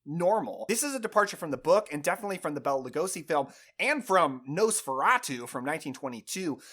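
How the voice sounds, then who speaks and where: A man giving a casual, enthusiastic film review, chatty and excited about what he describes. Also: a little high, fast.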